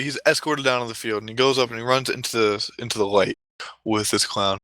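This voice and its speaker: A man's voice: on the low side, normal speed, bright, forceful tone, dry recording. A man telling a comic story casually, rambling and swearing often, with frequent restarts. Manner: profane, rambling, self-correcting.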